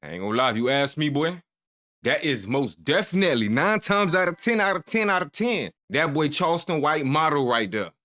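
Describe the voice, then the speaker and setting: A man's voice: a little high, expressive, fairly quick, pushed and bright. A man reacting to a video clip in casual commentary, laughing and hyping it up. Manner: laughing, hyped banter.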